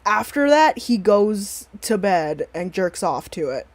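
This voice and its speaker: A woman's voice: mid-range voice, very animated, takes it slowly. A woman hosting a stream in casual chat, blunt and profane, rambling with many restarts. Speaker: stream host.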